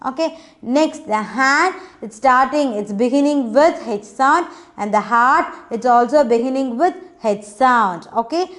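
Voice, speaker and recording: A woman leads a children's phonics class in a high voice. She talks slowly and coaxingly, repeating each sound and word over and over so the little ones can say it back. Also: animated, a bit bright. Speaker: phonics teacher.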